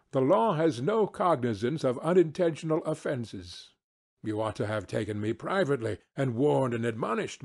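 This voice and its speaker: A man reading a philosophical defence speech for an audiobook, measured and rhetorical, slowing down on key phrases for emphasis. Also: on the high side, creaky, a little mellow. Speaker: audiobook reader.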